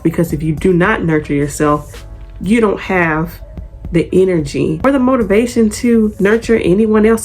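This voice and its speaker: A woman's voice: on the low side, darkish tone, husky. A woman hosting her own channel, talking through an astrology forecast in an earnest, chatty way with rhetorical questions. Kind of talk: casual forecast talk to camera.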